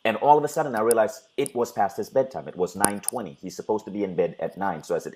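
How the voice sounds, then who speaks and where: A man's voice: fairly low pitch, expressive, fast, few pauses, a little mellow, low-quality recording. A middle-aged man hosting a talk, earnestly telling a personal parenting story and acting out bits of dialogue. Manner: earnest, retells scenes with quoted dialogue. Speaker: host. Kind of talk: conversational interview storytelling.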